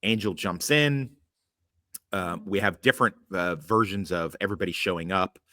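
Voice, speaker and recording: A man's voice: sits low, normal speed, pushed and bright, no echo, clean studio sound. A man hosting a podcast in a casual chat, rambling with lots of fillers, swearing freely and tossing in sarcastic asides. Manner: rambling, hesitant, with many fillers and frequent swearing. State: occasional coughing from allergies. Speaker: podcast host.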